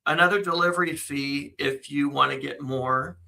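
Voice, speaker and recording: A man's voice: on the high side, steady tone, moderate pace, creaky, pushed and bright, rough recording. A man co-hosting a casual live chat, reading out news items and laughing often. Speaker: co-host.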